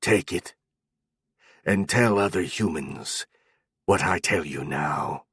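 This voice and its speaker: A man voicing a cruel male goblin shaman who talks in slow, broken speech with a terrible accent. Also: a bit bright, breathy edge, no echo, studio quality, full character voice. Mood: menacing. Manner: slow, low, menacing.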